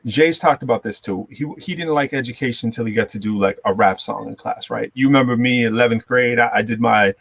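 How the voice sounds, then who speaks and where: A man's voice: medium pitch, fast talker, creaky, hardly any pauses, breathy edge, dry recording. A man with a Massachusetts accent, co-hosting a casual chat and telling stories with acted-out voices. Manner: animated storyteller, acts out quotes. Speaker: podcast co-host, rapper and educator.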